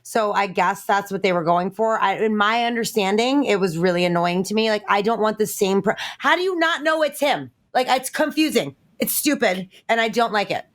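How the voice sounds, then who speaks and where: A woman's voice: mid-range voice, lively intonation, moderate pace, hardly any pauses. A woman, a guest on a casual panel podcast, ranting profanely with lots of fillers and restarts.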